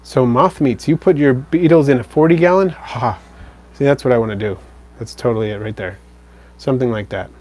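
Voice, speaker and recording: A man hosting a live stream, casually answering viewer comments in a relaxed, rambling way. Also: mid-range voice, a little fast. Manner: relaxed, rambling, with fillers and self-corrections.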